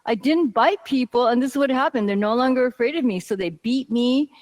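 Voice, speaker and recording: A woman's voice: fairly high pitch, brisk, a little mellow, in a large hall, pitched above the performer's own voice, natural voice. A woman voicing a humble male king cobra in a story told to her class, in her own earnest voice. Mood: plaintive.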